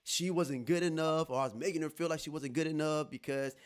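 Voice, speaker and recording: A man hosting a podcast, telling a personal story in casual chat, animated and laughing as he acts out what others said. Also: on the high side, fairly quick, clear, resonant tone. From Texas. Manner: animated, laughing, quotes others in lively voices. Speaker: podcast host.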